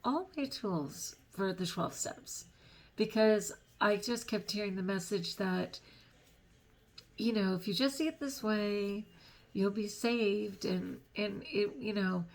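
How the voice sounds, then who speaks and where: Middle-aged woman, personal vlog host; chatty and earnest, laughs easily, mid-pitched. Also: slow pace. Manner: chatty, self-deprecating, laughs between thoughts; earnest, faith-filled reflection. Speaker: vlogger.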